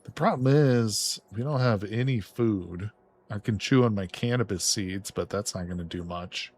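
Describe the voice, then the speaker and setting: A man streaming a survival game live, reacting excitedly with swearing and laughter as he plays. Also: lowish voice, moderate pace, husky. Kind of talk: live gameplay commentary.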